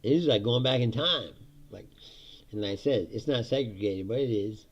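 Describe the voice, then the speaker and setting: A man's voice: mid-range voice, moderate pace, lo-fi sound. A man hosting a casual, profane monologue, laughing often and mocking others in silly voices. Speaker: host.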